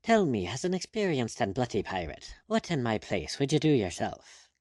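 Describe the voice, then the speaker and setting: A man's voice: medium pitch, sing-song, normal speed, a little mellow, no echo. A man voicing a sardonic, witty male pirate captain with dry, ironic courtesy, in an audiobook reading. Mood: coolly reasoning.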